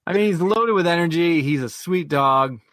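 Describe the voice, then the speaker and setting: A man's voice: on the high side, moderate pace, fairly bright tone, dry recording, clean studio sound. A man co-hosting a podcast, telling a long, profane story in casual chat. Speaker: podcast co-host.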